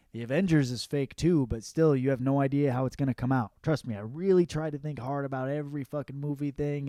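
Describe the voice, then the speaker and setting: A man's voice: mid-range voice, warm tone, no echo. Profane rambling male comedy host. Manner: profane, rambling, mimics movie lines. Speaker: podcast host. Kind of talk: casual comedic monologue.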